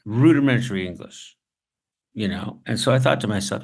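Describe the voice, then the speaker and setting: A man teaches a storytelling masterclass, moving through anecdotes with dramatic pauses. His voice sits low with a gravelly grain. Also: lively intonation, darkish tone. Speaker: writing instructor.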